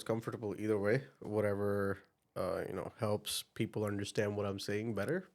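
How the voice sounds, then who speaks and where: A young man from India with an Indian accent, a podcast guest telling his story in an upbeat, energetic way with plenty of fillers. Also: on the low side, normal speed. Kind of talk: casual interview chat.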